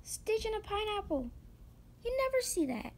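Gushing high-voiced woman with gravelly fry. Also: moderate pace. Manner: gushing, excitable, talks to viewers. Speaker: gaming vlogger. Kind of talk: casual game commentary.

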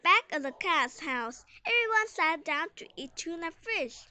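A woman's voice: extremely high pitch, animated, unhurried, pushed and bright. A woman carefully reading a children's story aloud, then asking comprehension questions. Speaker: storyteller and teacher.

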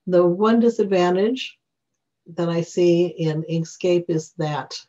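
A reading teacher walking through phonics rules during a screen-recorded software tutorial, thinking aloud and correcting themself along the way. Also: mid-range voice, slow pace. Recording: dull lo-fi recording.

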